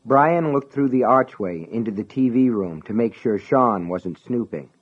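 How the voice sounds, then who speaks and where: A man narrating an audiobook in a measured, dramatic way. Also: medium pitch, expressive. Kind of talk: scripted narration. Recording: dull lo-fi recording.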